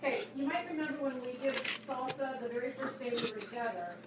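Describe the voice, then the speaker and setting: A woman's voice: high-pitched, fast, very noisy. A woman teaching a classroom cooking demonstration, explaining patiently, picked up by a phone across the room with students chattering. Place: school classroom. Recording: distant voice in echoey classroom.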